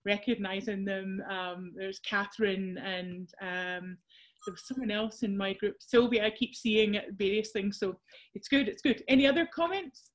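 A woman's voice: medium pitch, moderate pace. A Scottish woman presenting a workshop over a video call, chatty and self-deprecating with frequent restarts.

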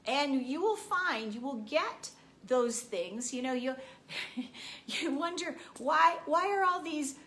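A woman giving a motivational spiritual talk, deliberate and often laughing as she acts out everyday examples. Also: high-pitched, animated, a bit bright, slight background noise. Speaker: spiritual speaker.

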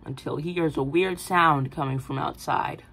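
A woman casually pitching a film idea, rambling with many fillers and giggly asides. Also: steady tone, normal speed, gravelly, a bit bright, slightly rough, rough recording. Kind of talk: casual movie-pitch chat.

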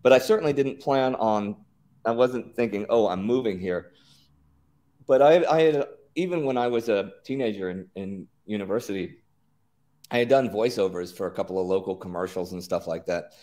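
A man's voice: fairly low pitch, brisk, dark tone. A middle-aged man from the United States, talking casually as an interview guest and repeating words as he thinks.

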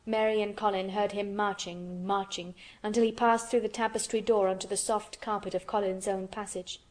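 A woman narrating an audiobook of a classic children's novel in a steady, measured reading. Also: mid-range voice. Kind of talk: scripted narration.

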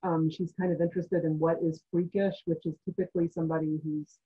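A woman on a discussion panel, talking in a measured academic way and thinking aloud with frequent pauses. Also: deep voice, little pitch movement, breathy edge, highs cut off.

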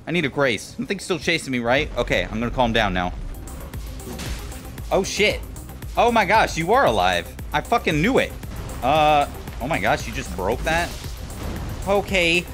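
Excitable swearing gameplay commentator man. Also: medium pitch, normal speed, long pauses, faint music behind. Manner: excitable, jokey, swears a lot, talks to enemies. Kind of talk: casual let's-play commentary.

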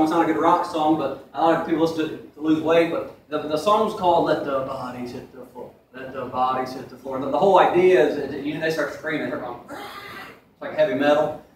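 A young man preaches a sermon conversationally, dropping in asides, inside a church sanctuary. His high-pitched voice has a fairly bright tone, recorded from far off in an echoey room with slight background noise.

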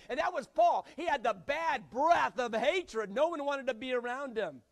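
A male pastor delivers a sermon in a high-pitched voice. He preaches in an animated way, swinging between loud, forceful bursts and hushed, quiet lines. He acts out the voices he quotes and jokes with the congregation. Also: measured pace, few pauses.

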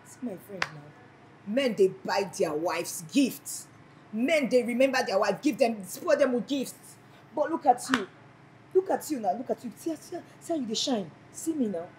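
A woman's voice: fairly high pitch, expressive, normal speed, darkish tone, a little hiss or hum, lightly acted, low-quality recording. An actress with a Nigerian accent playing a frustrated married woman who complains dramatically about her husband. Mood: complaining. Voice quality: repeats herself, mixes in Pidgin. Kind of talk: Nollywood film acting.

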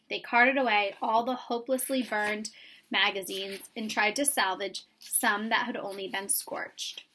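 A woman reading a children's chapter book aloud in a calm, even storytelling manner. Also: fairly high pitch. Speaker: reader. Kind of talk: storybook read-aloud narration.

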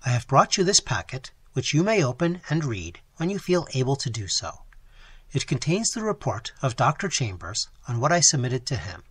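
A man voicing a stern, authoritative doctor who speaks loudly and commandingly. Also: mid-range voice, big pitch swings, normal speed, breathy edge, no echo. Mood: grave. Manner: loud, commanding, clipped. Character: stern authoritative male doctor, middle-aged.

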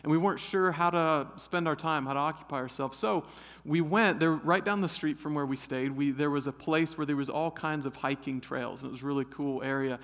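Middle-aged man, pastor from Ohio, bright humorous sermon storyteller, slightly high voice, long church reverb. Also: brisk. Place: church sanctuary.

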